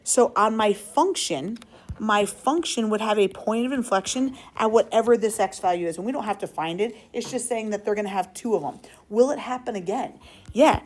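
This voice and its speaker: Quizzing her students as she goes, a woman teaches a classroom lesson in a playful, upbeat manner. She speaks at a middle pitch and a moderate pace, apparently from inside a classroom, with a little background noise.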